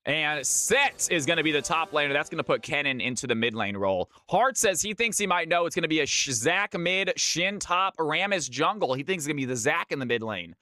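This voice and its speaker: Bright, upbeat man casting a game live. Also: a little high, expressive, fairly quick, hardly any pauses, no room sound. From California. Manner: upbeat, chatty, talks straight to chat. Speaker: streamer and game caster. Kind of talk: live esports play-by-play commentary.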